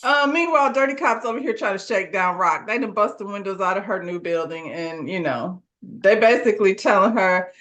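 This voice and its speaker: Brisk and fairly bright, a mid-range female voice recaps a TV episode for a casual podcast she co-hosts. Her storytelling is slangy and laugh-filled, and she performs the characters' lines.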